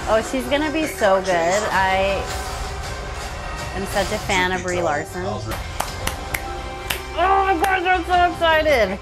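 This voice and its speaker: A young woman hosting a vlog, gushing and squealing with excitement as she reacts to trailers. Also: mid-range voice, takes it slowly, pauses often. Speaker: vlog host. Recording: music playing behind.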